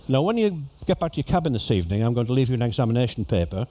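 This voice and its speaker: A man's voice: medium pitch, expressive, racing, few pauses, warm tone. A man giving a humorous, chatty talk to cruise passengers as an after-dinner speaker. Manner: jokey, chatty storyteller addressing an audience. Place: ship lecture venue.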